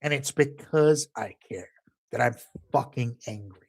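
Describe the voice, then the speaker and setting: A man's voice: medium pitch, measured pace, vocal fry, a little mellow, breathy edge. A man delivering a heated, profane political rant as a commentator, emphatic and angry throughout.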